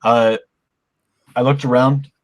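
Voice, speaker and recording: A man of medium pitch plays a tabletop role-playing game, casually describing his character's moves in the first person. The recording is dry and close. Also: fairly even intonation, takes it slowly, no room sound. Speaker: player.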